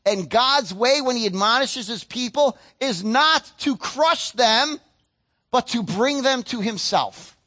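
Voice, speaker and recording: A man preaching a sermon as pastor, earnest and emphatic, slowing down to stress key points and acting out other people's voices. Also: very high voice, lively intonation, sharp tone. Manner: acts out other people's voices mid-sentence.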